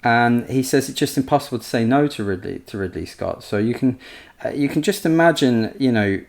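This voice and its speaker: A man's voice: mid-range voice, brisk, gravelly. Chatty man telling a story on a podcast. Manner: chatty, storytelling, animated impressions. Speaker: podcast co-host, historian. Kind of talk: casual podcast discussion.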